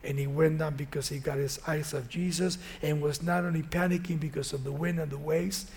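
Male preacher, high and gravelly voice, lively chatty sermon delivery. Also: a little fast. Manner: animated, conversational retelling of a Bible story.

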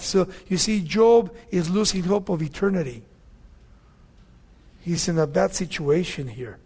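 A man's voice: sits high, measured pace, pauses often, slightly rough. A male pastor teaching a sermon verse by verse, talking to his listeners conversationally and often asking "you see?". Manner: conversational preaching, asks "you see?", swings between loud readings and soft asides.

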